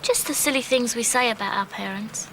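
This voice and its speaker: A woman's voice: fairly high pitch, brisk, fairly bright tone. A blunt teenage girl. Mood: offhand. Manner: blunt, offhand. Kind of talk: 1990s TV soap acting. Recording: old TV clip with noise.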